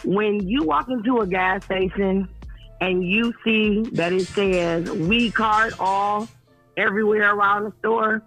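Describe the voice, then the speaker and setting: A man's voice: high-pitched, a little slow, bright, forceful tone, faint music behind, low-quality recording. A male caller ranting on a morning call-in show, laughing as he goes. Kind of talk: call-in complaint.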